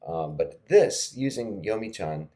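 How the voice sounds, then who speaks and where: In this screen-recorded language lesson, a middle-aged teacher speaks in a low, mellow voice, animated yet unhurried. His delivery is casual and conversational, full of fillers and soft laughs, recorded near a desktop microphone.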